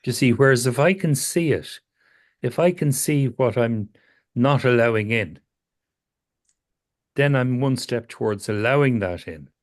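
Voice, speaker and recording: A man working as a psychotherapist, talking a client through self-awareness in a calm, questioning way that repeats phrases. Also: medium pitch, unhurried, long pauses. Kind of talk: therapy session conversation.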